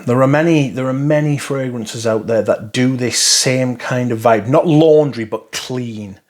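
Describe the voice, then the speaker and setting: A man's voice: mid-range voice, a little slow. A man giving casual, rambling first impressions of fragrances, blunt and full of swearing. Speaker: fragrance reviewer.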